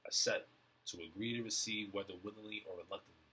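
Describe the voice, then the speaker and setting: A young man in a rambling stream-of-consciousness monologue, halting and repeating words as he muses over word definitions. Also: lowish voice, steady tone, bright, forceful tone, husky. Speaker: vlogger.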